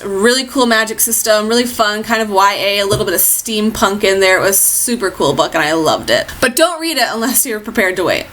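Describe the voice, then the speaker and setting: A woman reviewing books in a casual, chatty way, gushing and animated as she talks. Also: medium pitch. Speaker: book reviewer. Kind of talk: casual book review chat.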